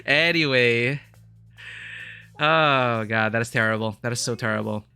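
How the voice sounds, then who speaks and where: A man talks through a video game on a live stream, rambling from one thought to the next and breaking into laughter often. His voice is bright, and game music plays softly behind him. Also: medium pitch, a little slow, pauses often, smooth. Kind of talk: casual live gameplay commentary.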